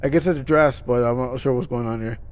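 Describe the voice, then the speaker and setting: A man's voice: medium pitch, steady tone, fast. Stumbling young male game streamer. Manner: stumbling, restarting words while reading aloud. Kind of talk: casual gameplay commentary, reading game text aloud.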